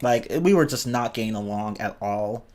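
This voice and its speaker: A man's voice: lowish voice, lively intonation, moderate pace, a little mellow. A man giving a casual, exasperated rant, swearing often and stumbling over his words as he restarts sentences. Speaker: streamer ranting about online games.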